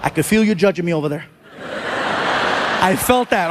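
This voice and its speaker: A man performing stand-up comedy on a live stage, animated and chatty, ribbing the audience. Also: very high-pitched, brisk, noisy background.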